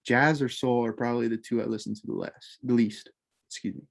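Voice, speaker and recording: A man's voice: medium pitch, fairly even intonation, fairly quick, vocal fry. A man in a mid-range voice leads a casual French club lesson. He says each French word twice and then glosses it in English. His delivery is loose, with fillers and small self-corrections along the way.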